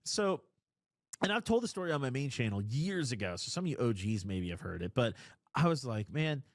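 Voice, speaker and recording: Crude, animated man in his twenties. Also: medium pitch, fairly quick, no echo, clean studio sound. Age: 20s. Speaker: call-in show host. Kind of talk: casual storytelling.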